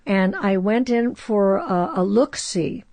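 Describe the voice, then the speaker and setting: A woman in her eighties, a guest actress telling stories in an expressive, animated way in a casual conversation. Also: medium pitch, slow, no echo. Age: 80s. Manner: animated storyteller, warm and expressive. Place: host's garage studio.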